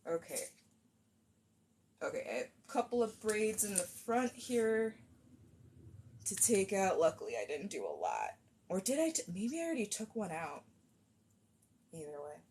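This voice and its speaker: A woman chatting casually on a cosplay live stream, rambling and self-deprecating while she fixes a wig at home. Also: a little high.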